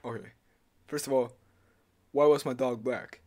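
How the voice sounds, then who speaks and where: Medium-pitched and a little slow, this young YouTuber's voice carries his live commentary on a horror game. He is jumpy, loud and excitable, cursing a lot, yelping and screaming at the frights, and going over the same words again and again.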